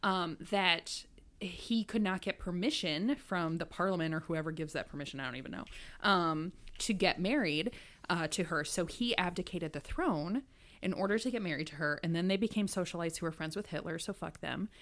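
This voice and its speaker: A woman's voice: lowish voice, moderate pace, a bit bright. A woman co-hosting a podcast, casually explaining history in a chatty way with lots of fillers. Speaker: podcast co-host. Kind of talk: casual chat.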